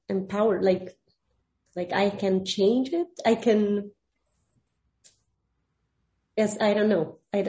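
Slow, hesitant woman sharing in a group. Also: mid-range voice, warm tone. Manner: hesitant, searching for words. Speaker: workshop participant.

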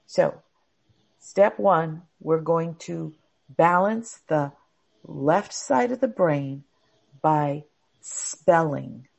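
A middle-aged woman teaching a class on calming anxiety, explaining step by step and acting out anxious thoughts. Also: deep voice, very slow, vocal fry, pauses often.

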